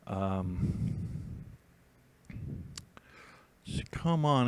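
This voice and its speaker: Guy chatting on a stream, smooth mid voice, lots of ums, just rambling along. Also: medium pitch, a little slow, no echo, low-quality recording. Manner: rambling, chatty, with many fillers and restarts; thinks aloud while browsing listings. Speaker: YouTube host. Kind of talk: casual live-stream chat.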